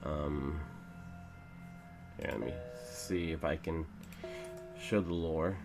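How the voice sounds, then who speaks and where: A man's voice: extremely low pitch, slow pace, creaky, music in the background, poor audio. A man hosting a let's play, talking through a game in rambling, filler-heavy casual commentary.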